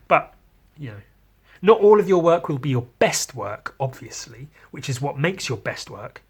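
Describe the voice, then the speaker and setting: A man's voice: mid-range voice, big pitch swings, normal speed, husky. A man giving rambling, irreverent commentary on his own sketchbook, swearing freely and mocking himself. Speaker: artist showing his sketchbook. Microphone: podcast mic.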